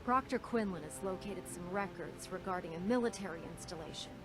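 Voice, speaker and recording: An actress playing a brisk female military engineer officer giving a businesslike briefing in a video game. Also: lowish voice, lightly acted. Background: game music.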